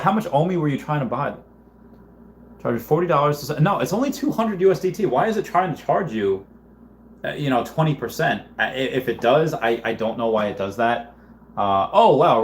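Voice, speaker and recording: A man hosting a casual livestream, talking in a rambling, halting way with many restarts and fillers. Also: medium pitch, slight background noise. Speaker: livestream host.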